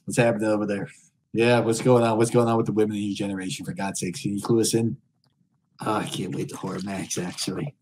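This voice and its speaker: A middle-aged man streaming crude pranks on strangers, bellowing loud high greetings and then muttering vulgar insults under his breath. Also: steady tone, fairly quick, a little hiss or hum, poor audio. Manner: vulgar and mocking. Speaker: streamer chatting with strangers on a video chat site.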